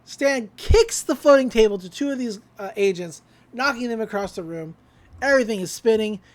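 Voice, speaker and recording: A woman's voice: on the high side, normal speed. A woman casually recapping a cartoon episode, acting out the characters' lines with frequent laughs. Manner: animated retelling, acts out quotes, laughs often.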